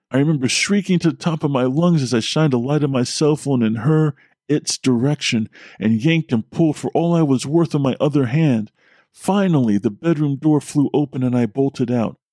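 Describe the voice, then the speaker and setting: A man, a podcast host, reading a horror story aloud in a steady, measured way. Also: medium pitch, dry recording, clean studio sound. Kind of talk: scripted horror story narration.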